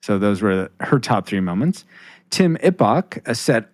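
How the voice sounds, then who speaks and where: A man's voice: lowish voice, very animated, unhurried, a little mellow, no room sound. A man hosting a casual podcast, rambling with restarts while reading listener comments on a close mic. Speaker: podcast host.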